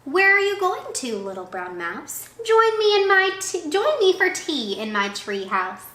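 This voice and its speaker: A fussy storybook owl, as a woman reading aloud plays him, with a high, hooting sing-song that swoops up and down. The room around the voice is echoey. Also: very animated, unhurried, bright, forceful tone, exaggerated voice. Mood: inviting. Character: fussy, polite male owl.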